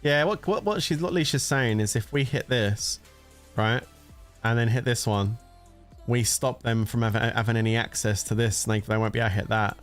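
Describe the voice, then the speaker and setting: A man's voice: medium pitch, moderate pace. A man talking casually and joking as he streams a mobile strategy game. His voice sits in a middle range, and he laughs easily. Faint background music plays under his talk. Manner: chatty and jokey, often laughing. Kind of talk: casual gameplay commentary.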